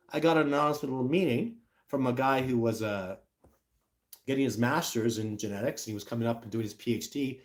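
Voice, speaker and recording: Blunt ranting man. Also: mid-range voice. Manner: blunt, ranting, acts out other people's lines in mocking voices. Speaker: livestream host. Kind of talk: animated storytelling on a livestream.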